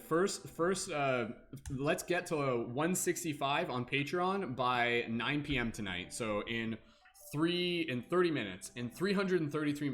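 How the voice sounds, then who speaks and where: A man's voice: medium pitch, fairly bright tone. Young male livestream host, mid-range voice, loose and upbeat, full of fillers. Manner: upbeat, chatty, many fillers, laughs often. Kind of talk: casual livestream chat.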